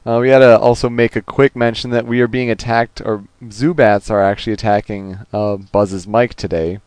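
A relaxed man co-hosts a gaming news podcast, his fairly low voice drifting through filler words. The sound is dry and close, with no room around it. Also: normal speed, smooth, dry recording. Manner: relaxed, rambling with many fillers. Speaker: podcast co-host. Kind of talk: casual gaming podcast chat.

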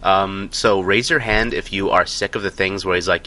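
Male co-host, very deep yet bright voice; loose, rambling talker. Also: fairly even intonation, normal speed. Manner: rambling, many fillers. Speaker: podcast co-host. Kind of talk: casual gaming podcast chat.

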